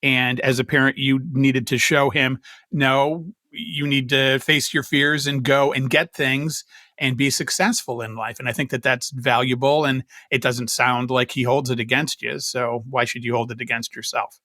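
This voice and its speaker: A man's voice: mid-range voice, flat delivery, moderate pace, pushed and bright, no echo, studio quality. A man co-hosting a podcast, talking in a reassuring, conversational way. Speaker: podcast co-host. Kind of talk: casual chat.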